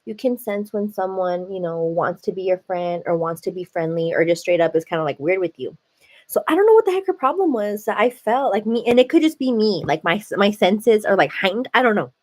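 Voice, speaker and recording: Speaking a little fast at a medium pitch, a livestream host recounts a story from her seat at home. She's animated and talkative, with constant "like"s and the occasional "you know."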